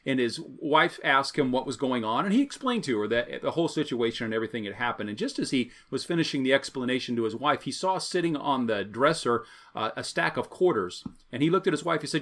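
A man's voice: mid-range voice, lively intonation, quick pace, fairly bright tone. A man, a pastor, preaching an evening sermon in a conversational, storytelling way, repeating his key phrases.

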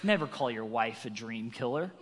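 A man in his thirties, a guest preacher, delivers a sermon in a church sanctuary, telling a personal story and acting out quotes with a raised voice. His voice is medium-pitched and expressive at normal speed, carried by the long reverb of a large hall.

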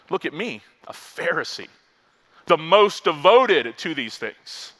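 A pastor from Florida preaching a lively sermon and acting out the quotes he reads. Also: a little high, unhurried.

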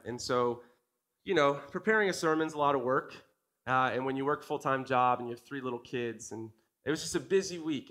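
A man's voice: on the high side, bright, forceful tone. A man in his thirties giving a sermon in a conversational, earnest way, often asking the congregation questions. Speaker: part-time preacher.

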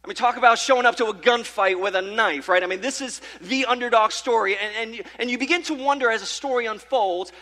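A man preaching a sermon to his church, telling a story in an animated way with many fillers and restarts. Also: very high voice, a little fast, few pauses. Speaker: pastor. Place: church sanctuary. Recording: reverberant church hall.

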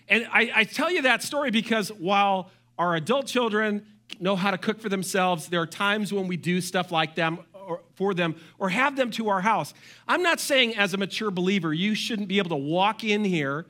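High-voiced, bright animated male pastor. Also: normal speed. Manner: animated, joking asides and quoted voices. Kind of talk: sermon.

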